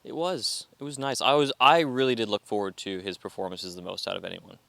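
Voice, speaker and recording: Young man, bright tone, crisp voice, casual chat, acts out movie lines. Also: on the low side, brisk, dry recording. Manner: animated storyteller, quotes movie lines. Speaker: podcast co-host.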